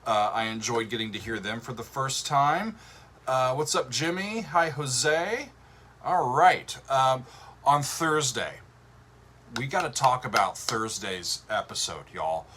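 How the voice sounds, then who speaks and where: A man hosting a livestream, chatting casually with viewers in a relaxed, rambling way with lots of fillers and a drawl. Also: mid-range voice, slow, a little hiss or hum. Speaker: show host.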